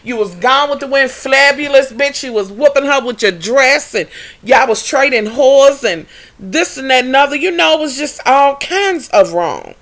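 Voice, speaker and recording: A woman's voice: sits high, lively intonation, moderate pace, fairly bright tone. A young woman recapping a reality TV episode in a sassy, profane, gossipy way. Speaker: TV recap vlogger.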